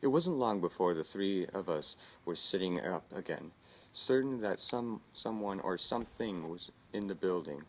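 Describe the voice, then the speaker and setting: A man giving measured, scripted narration of a story. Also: low-pitched, animated.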